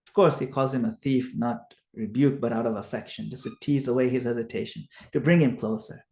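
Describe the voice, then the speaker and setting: Male scripture teacher, mid pitch, lively storytelling, roomy sound. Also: a little fast, gravelly, hardly any pauses. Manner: animated retelling, acts out quoted lines loudly. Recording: echoey room.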